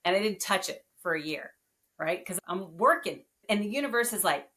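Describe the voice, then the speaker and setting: A woman guest on a podcast, telling her story in a casual, animated and earnest way. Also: mid-range voice, normal speed.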